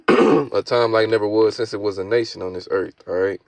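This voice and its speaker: A man giving casual, slang-heavy scripture commentary, often tagging his lines with "all right?" and reading verses aloud slowly. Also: fairly low pitch, steady tone, creaky. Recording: dull, lo-fi, dry sound.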